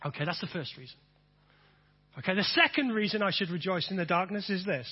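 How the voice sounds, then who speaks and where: A man preaching a sermon, repeating phrases and swinging from soft to emphatic. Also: high-pitched, expressive, fairly quick, husky, muffled recording. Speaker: pastor.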